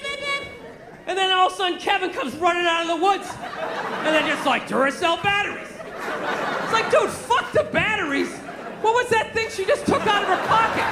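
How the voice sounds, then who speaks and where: High-pitched ranting stand-up comedian. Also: male voice. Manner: profane, exasperated ranting. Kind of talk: stand-up rant. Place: comedy club stage. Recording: echoey club with crowd and noise.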